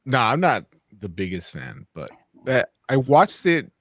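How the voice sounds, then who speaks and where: A man on a chat panel drops blunt, dismissive asides. His mid-pitched voice swings a lot, and the sound is dry and close. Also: huge pitch swings, unhurried, no echo. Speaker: podcast panelist.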